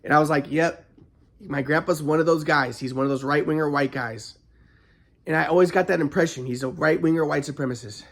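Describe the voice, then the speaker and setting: A man talks straight through a rambling vlog monologue, stopping and restarting often. His voice sits a bit high and carries a gravelly fry. Sometimes heat flares into it. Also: fairly bright tone. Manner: rambling, halting, frequent restarts; flares into anger.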